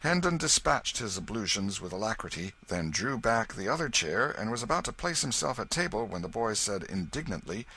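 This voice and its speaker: A man narrating a classic novel audiobook in a measured storytelling manner. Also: lowish voice, animated, bright, forceful tone, slight background noise, low-quality recording. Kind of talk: scripted narration.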